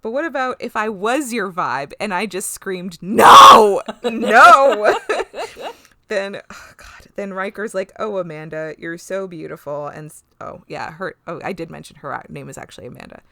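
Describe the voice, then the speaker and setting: A woman co-hosting a casual podcast, excitedly recapping an episode, gushing, swearing and acting out the characters' lines. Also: mid-range voice, fairly quick, creaky. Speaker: podcast co-host.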